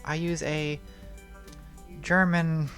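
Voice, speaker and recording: Candid woman streamer, lowish voice. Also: little pitch movement, drawn-out words, fairly bright tone, soft background music. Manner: candid, offhand, reads chat questions aloud. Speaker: streamer answering patron questions. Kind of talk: casual live-stream Q&A. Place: home room with smart lighting. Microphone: boom mic.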